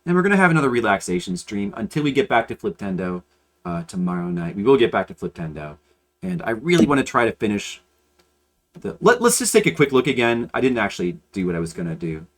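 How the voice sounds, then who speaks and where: Very animated and quick, a man with a voice on the low side streams games while chatting casually. He thinks out loud, rambles, and restarts his sentences often.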